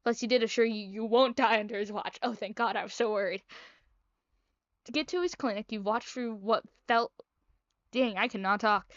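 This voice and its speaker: A woman's voice: a little high, normal speed, no room sound, dull audio. A young woman reading a visual novel aloud, with playful, chatty, self-mocking asides. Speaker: gaming video creator.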